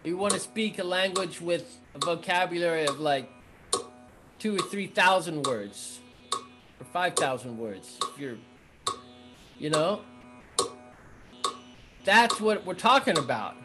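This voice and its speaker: A man teaching rhythm in a casual music lesson, chanting rhythm syllables between relaxed explanations. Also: fairly high pitch, measured pace, long pauses. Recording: noisy recording with clicks.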